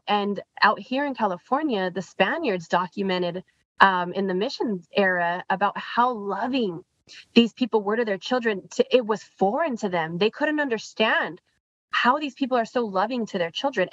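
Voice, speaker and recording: A woman in a reflective podcast conversation who speaks slowly and emphatically and repeats key phrases. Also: medium pitch, animated, fairly bright tone, no room sound, highs cut off.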